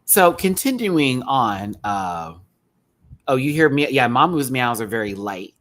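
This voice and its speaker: Animated rambling man hosting a review. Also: medium pitch, a little slow. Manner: animated, rambling, laughs often, many fillers. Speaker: host reviewing a TV show. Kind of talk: live-streamed casual review chat.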